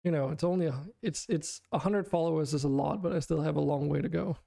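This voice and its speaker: A man's voice: a little high, quick pace, creaky, mellow, no echo, clean studio sound. A man streaming a game, chatting casually with viewers in a chatty, self-deprecating way and laughing often. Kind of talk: casual live-stream chat.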